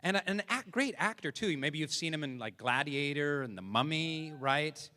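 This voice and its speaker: A man hosting a live comedy show, introducing the acts with deadpan, joking hype. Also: fairly high pitch, moderate pace. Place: large theatre stage. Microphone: stage microphone. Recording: live theatre hall reverb.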